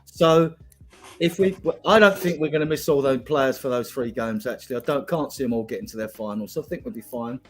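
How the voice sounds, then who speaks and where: A man's voice: medium pitch, a little fast, faint music behind. Opinionated man on a fan panel. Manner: opinionated, banters with the others. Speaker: panelist on a fan call-in show. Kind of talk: casual live-stream chat.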